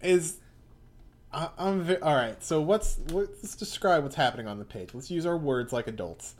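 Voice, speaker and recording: A man's voice: on the high side, lively intonation, moderate pace. A man reading through a comic aloud in casual, bemused chat. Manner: bemused, rambling.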